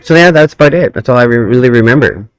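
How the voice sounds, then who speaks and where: A man's voice: mid-range voice, lively intonation, fast talker, dry recording. A man chatting casually on a podcast, playful and teasing. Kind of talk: casual chat.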